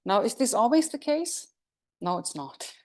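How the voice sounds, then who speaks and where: A woman's voice: a little high, sing-song, normal speed. A woman lecturer giving an academic conference talk, explaining step by step with frequent fillers and self-corrections and asking the audience questions.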